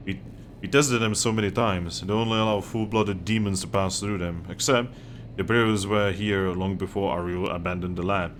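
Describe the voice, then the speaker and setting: A man's voice: low-pitched, a little hiss or hum, close to an everyday voice. A man voicing a thoughtful male companion in a video game.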